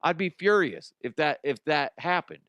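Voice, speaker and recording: A man's voice: a little high, animated, normal speed, creaky, a bit bright, no room sound, dull audio. A man hosting a comedy podcast, ranting about odd news in an exaggerated way, laughing at his own jokes, close to the mic. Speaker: podcast host.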